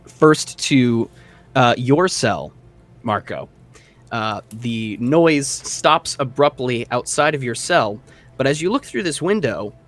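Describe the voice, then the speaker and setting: A young man with a mid-range voice serves as dungeon master for a tabletop game, narrating in a relaxed manner with lots of fillers.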